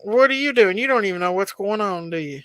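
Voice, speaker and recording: A woman hosts a casual livestream, chatting with viewers and reading their comments aloud. Her voice is smooth and clear, recorded dry and close. She talks in an emotional, chatty way. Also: medium pitch, expressive, fast, fairly bright tone, no room sound. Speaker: livestream host.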